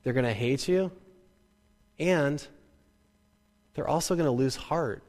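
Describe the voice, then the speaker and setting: A man preaching a sermon as a pastor, animated and joking, now and then acting out quoted parents and kids. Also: on the high side, slow pace. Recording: reverberant hall.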